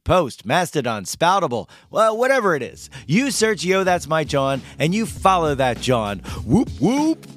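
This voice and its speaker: A man hosting his podcast in a hoarse voice after losing it, playful and joking. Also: high-pitched, a bit bright, no room sound, clean studio sound. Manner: playful, hyped-up, jokey. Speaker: podcast host. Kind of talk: casual podcast monologue.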